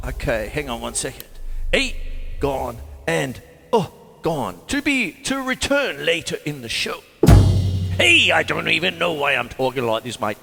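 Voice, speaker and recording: An Australian man chats casually as host of a drum show livestream, jokey and full of exclamations. His fairly high voice swings widely in pitch while he talks at an unhurried pace. Loud music plays behind him. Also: gravelly. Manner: animated, jokey, breaks into exclamations and laughs.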